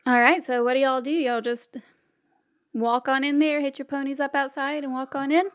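A woman's voice: sits high, little pitch movement, moderate pace. A woman narrating a tabletop western game as game master, describing scenes with frequent fillers.

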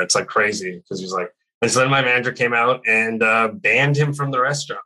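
A man's voice: medium pitch, steady tone, fast talker, few pauses, bright, forceful tone, poor audio. A man in casual chat telling a long story, rambling with many fillers and swearing freely. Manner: rambling, heavy on "like", swears a lot.

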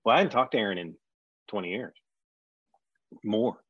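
A middle-aged man telling a story in conversation, animated, acting out the people he quotes. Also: fairly low pitch, moderate pace, husky, dry recording. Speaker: guest recalling a reality show reunion. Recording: dry, slightly dull sound.

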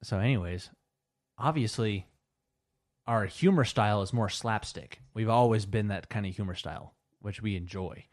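Lower-voiced dude cohosting, telling stories and laughing along. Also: male voice, moderate pace. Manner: tells stories, laughs easily. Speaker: podcast co-host. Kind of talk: casual chat.

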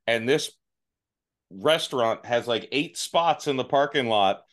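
A man's voice: medium pitch, measured pace. A man hosting a podcast interview who chats casually and hesitantly, with many fillers. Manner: relaxed, hesitant with fillers, laughs along. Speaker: podcast host.

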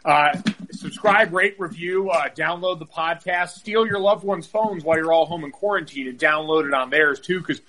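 A man's voice: a little high, moderate pace, pushed and bright, slight background noise. A man hosting a family podcast in a casual, joking, self-deprecating manner. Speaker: podcast host.

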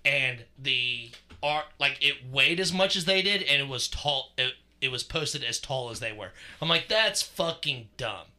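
With a medium-pitched, expressive voice and a sharp tone, this man talks a little slowly with few pauses. He co-hosts a podcast and tells a story in casual chat, swearing freely and rambling through many fillers.

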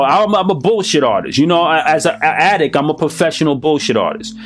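A man's voice: fairly high pitch, animated, fairly quick, hardly any pauses, faint music behind. A man giving a personal recovery testimony, emphatic and repetitive, in a streetwise storytelling manner. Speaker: recovery speaker.

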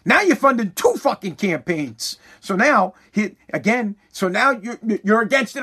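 Husky high-voiced man ranting bluntly. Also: sing-song, a little slow, bright, forceful tone. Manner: blunt, profane, heated. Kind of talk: casual political rant.

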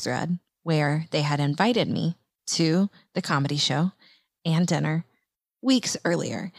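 A woman in her thirties hosting a faith podcast, telling a personal story in an animated way and acting out her own past voice. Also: measured pace, no room sound, clean studio sound. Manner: animated, acts out her own quoted voice in higher pitch. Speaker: podcast host.

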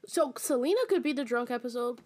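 Blunt, sarcastic woman with a higher voice. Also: quick pace, a little mellow. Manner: blunt, sarcastic, swears casually. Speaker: true crime podcast co-host. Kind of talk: casual chat and reading case facts.

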